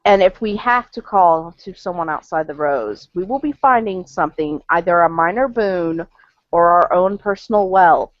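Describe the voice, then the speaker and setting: A woman's voice: fairly low pitch, normal speed, no room sound, muffled recording, lightly acted. A woman voicing a smug, scheming female vampire clan leader who talks down to others and calls them dear. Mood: businesslike. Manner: cool, condescending, calls people dear.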